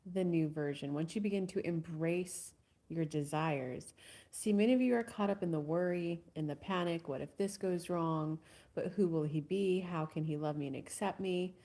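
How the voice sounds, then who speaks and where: A woman hosting a live spiritual coaching stream in a casual, soft-spoken way, sometimes dropping to a whisper. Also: fairly low pitch. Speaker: host.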